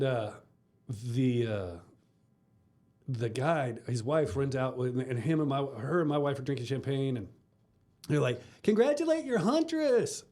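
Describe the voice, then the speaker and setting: A man's voice: mid-range voice, darkish tone. A man, co-hosting a casual podcast and telling rambling hunting stories, laughing often. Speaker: podcast co-host. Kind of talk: casual chat.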